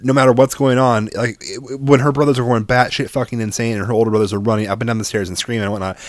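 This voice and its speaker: A man's voice: medium pitch, fairly even intonation, fast, no room sound. A young man co-hosting a casual podcast chat, telling stories in a rambling, profane way with many restarts. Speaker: podcast co-host.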